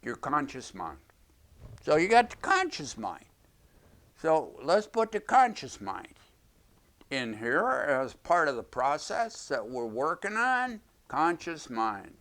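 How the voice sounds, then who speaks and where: A man's voice: on the high side, huge pitch swings, slow, fairly bright tone. A man teaching in an explanatory video lecture, speaking emphatically and repeating his key phrases. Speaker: self-help teacher.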